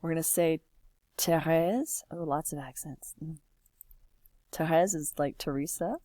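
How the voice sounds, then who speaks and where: A woman's voice: low voice, warm tone, dry recording, studio quality. A woman teaching a French lesson, patiently walking a class through examples while typing and encouraging answers. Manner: patient, encouraging, slow and drawn-out.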